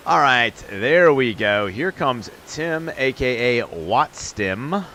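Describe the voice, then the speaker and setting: A man streaming and giving quick, upbeat live commentary on viewer runs in a game, calling scores and turn order. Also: mid-range voice, expressive, pushed and bright, slight background noise. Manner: upbeat, quick hype calls with laughs.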